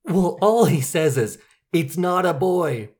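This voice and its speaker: A podcast co-host talks through a film plot in easy, casual chat, dropping dry, deadpan asides. The voice sits mid-range but rises and falls freely. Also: mid-range voice, slow pace. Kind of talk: casual movie discussion.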